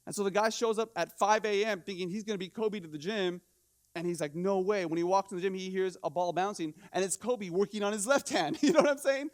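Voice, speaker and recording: A man preaching a sermon as pastor, animated and conversational, firing rhetorical questions and stumbling into restarts. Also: high-pitched, fast. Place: church.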